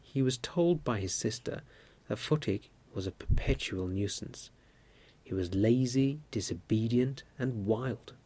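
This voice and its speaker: A man reading a story aloud at a measured pace, lifting his voice for the characters' shouts. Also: mid-range voice, slightly rough. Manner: steady, measured reading with lively lifts for quoted cries. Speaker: narrator.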